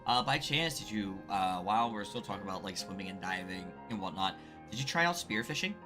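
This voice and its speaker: A man's voice: deep voice, lively intonation, fairly quick, music in the background. A man hosting a casual streamed interview about a game, upbeat and rambling, with many fillers. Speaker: host.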